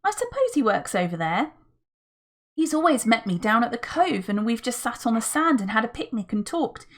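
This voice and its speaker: A woman's voice: on the high side, sing-song, normal speed, pitched above the performer's own voice. A woman reading the part of a fussy, motherly middle-aged aunt with a fretful, proper manner.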